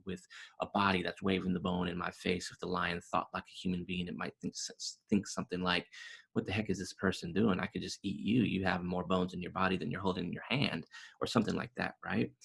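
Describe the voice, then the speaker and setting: Low gravelly-voiced man teaching mindfulness. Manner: explains with analogies, frequent "right?" checks. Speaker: mindfulness coach. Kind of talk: webinar teaching talk.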